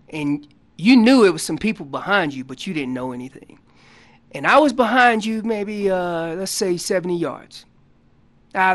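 A man on a radio show explaining elk calls in a folksy, animated way, acting out what the animals are saying. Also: high-pitched. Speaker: elk calling guest expert. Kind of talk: casual radio interview explanation. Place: radio studio.

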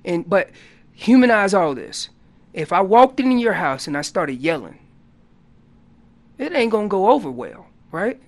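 Animated man telling hunting stories. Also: high-pitched, measured pace, long pauses. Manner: animated storytelling, rising loud on key points. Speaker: elk calling guest. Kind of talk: casual radio interview.

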